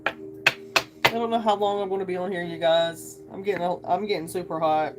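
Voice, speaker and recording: A woman with a fairly low, fairly even voice hosts a live tarot reading stream, rambling casually and calling her viewers "you guys." She talks at a normal speed over heavy background noise, with singing bowl music playing behind her.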